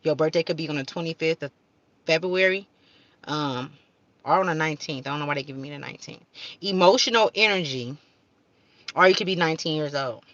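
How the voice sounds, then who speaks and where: Bright-voiced woman reading oracle cards. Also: deep voice, no echo, lo-fi sound. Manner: fervent, slangy, swears, stumbles reading aloud. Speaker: card reader. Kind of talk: casual spiritual card-reading vlog.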